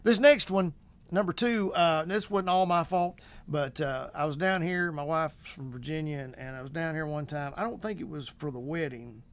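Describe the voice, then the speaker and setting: A man's voice: on the high side, normal speed. A middle-aged man hosting a vlog, telling a story in a rambling, folksy way with many fillers. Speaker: vlog host. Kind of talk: casual storytelling.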